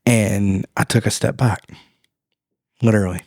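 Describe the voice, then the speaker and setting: Man, podcast host, casual storytelling, animated, laughs a lot, lowish voice, dry close sound. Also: a little slow, dry recording.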